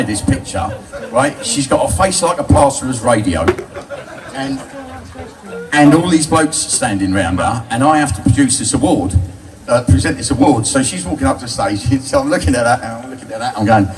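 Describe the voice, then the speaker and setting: A man's voice: medium pitch, lively intonation, normal speed, music in the background. An older English man telling crude, cheeky stories on stage, laughing at his own jokes. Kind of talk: live stand-up storytelling. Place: bar with a live audience. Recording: distant live audience recording.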